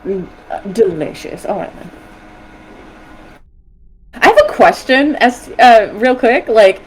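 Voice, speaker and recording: A woman's voice: a little high, expressive, slow, a little hiss or hum, poor audio. A woman chatting casually as a player in a tabletop game, laughing often.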